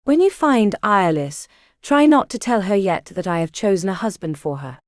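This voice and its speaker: A woman's voice: mid-range voice, lively intonation, normal speed, no room sound, studio quality, close to an everyday voice. A woman reading as a stern, weary king. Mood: grave. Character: stern weary middle-aged Scottish king.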